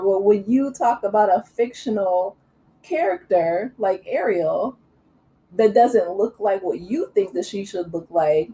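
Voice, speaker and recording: A woman talking to her channel in a loose, opinionated way, full of fillers and side remarks. Her voice is mellow and rounded, sitting at an ordinary middle pitch. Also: animated, measured pace, low-quality recording. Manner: chatty and opinionated, many fillers and asides. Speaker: channel host. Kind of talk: casual commentary vlog.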